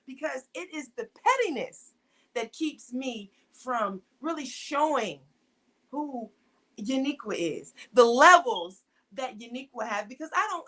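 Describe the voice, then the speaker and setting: A woman's voice: a little high, a bit bright. A woman hosting a live-streamed talk show, speaking emphatically and repeating her points, switching between casual and more formal ways of talking. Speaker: show host.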